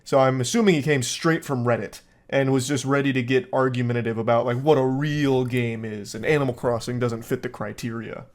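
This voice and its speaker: A man giving comedic commentary on screenshots of text messages, deadpan with dry sarcasm. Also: mid-range voice, a little fast, few pauses. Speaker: online commentator.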